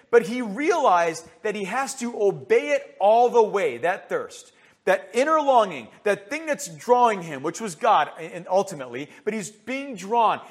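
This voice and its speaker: Man, preacher, fairly high voice, passionate sermon, rhetorical questions, loud then hushed.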